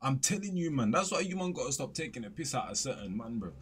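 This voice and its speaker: A man's voice: mid-range voice, very animated, fast talker, fairly bright tone, slight background noise. A man giving chatty, casual reaction commentary into a desk microphone. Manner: chatty, peppers speech with "blood" and "fam". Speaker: music reaction streamer. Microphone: USB desk microphone.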